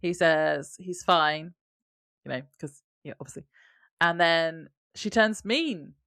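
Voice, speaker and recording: A woman's voice: low voice, takes it slowly, fairly bright tone, clear, resonant tone, no room sound, clean studio sound. A woman co-hosting a podcast, chatting casually about a TV episode and laughing often. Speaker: podcast co-host. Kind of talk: casual TV episode recap chat.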